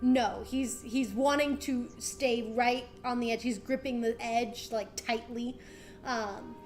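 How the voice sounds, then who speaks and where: A woman narrating a tabletop game as game master, relaxed and full of fillers. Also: on the high side, slow pace, soft background music.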